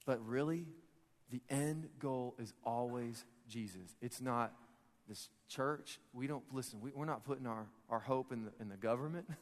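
A man preaching a sermon, conversational and repetitive, rising to emphatic peaks. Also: mid-range voice. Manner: conversational, repeats words, rises to emphatic peaks. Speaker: pastor. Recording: reverberant hall with soft music.

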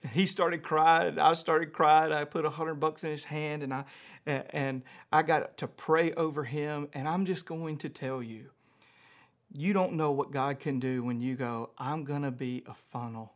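A man from Louisiana with a Louisiana accent, a pastor preaching a sermon, telling a personal story in an animated way and then praying. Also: on the high side, measured pace. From Louisiana, USA. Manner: animated storyteller, acts out voices, chuckles.

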